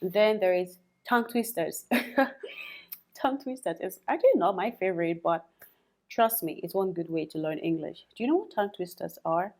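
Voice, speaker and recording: A woman's voice: on the low side, sing-song, normal speed, a little mellow. A young adult woman teaching English in a chatty spoken lesson, repeating words for practice and laughing often.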